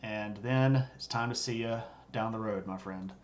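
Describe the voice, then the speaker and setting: A man's voice: fairly low pitch, normal speed, dull audio. A man hosting a livestream, giving a casual, joking history lecture and bantering with viewers' chat. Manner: jokey and conversational, bantering with chat. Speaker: history streamer. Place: streaming setup.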